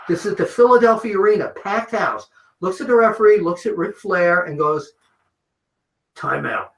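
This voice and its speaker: An older man tells a long story with lively energy, his voice sitting fairly high for a man. He curses freely as he goes. The room around him is echoey. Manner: animated storyteller, swears freely. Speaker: interview guest, wrestling journalist. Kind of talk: shoot interview storytelling. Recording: roomy echo.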